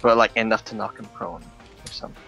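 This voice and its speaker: A man's voice: fairly low pitch, steady tone, fairly quick, gravelly, bright, forceful tone, faint music behind, low-quality recording. A man playing a tabletop game, muttering to himself while he checks the rules. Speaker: player. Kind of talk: casual tabletop game chat.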